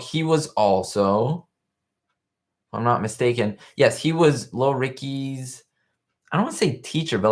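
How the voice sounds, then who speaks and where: A young man hosting a casual live-stream commentary, chatting in a rambling way and reading viewer comments aloud. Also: mid-range voice. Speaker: show host. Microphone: webcam live stream.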